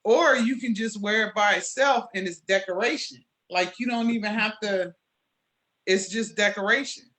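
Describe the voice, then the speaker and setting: A woman jewelry maker being interviewed, telling her story in a lively way and acting out the conversations she recalls. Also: medium pitch, moderate pace. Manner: animated storyteller, acts out quoted exchanges.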